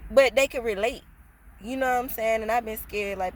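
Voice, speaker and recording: A woman's voice: sits high, normal speed, a bit bright. A woman telling a casual storytime on her vlog, blunt, slangy and passionate, swearing freely. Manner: slangy, streetwise talk. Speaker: vlogger.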